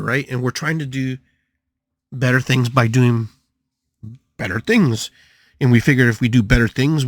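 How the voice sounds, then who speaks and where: In a dry, studio-quality recording, an older podcast host and spiritual healer delivers a lively motivational talk. He jumps abruptly in pitch and repeats words in a playful, drawn-out way.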